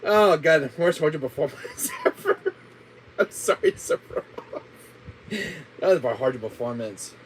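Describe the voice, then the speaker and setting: A man's voice: a little high, wildly swooping pitch, unhurried, pauses often, a little hiss or hum, low-quality recording. Giggly man on a livestream. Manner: giggly, laughs constantly. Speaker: gaming streamer. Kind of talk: casual livestream chat.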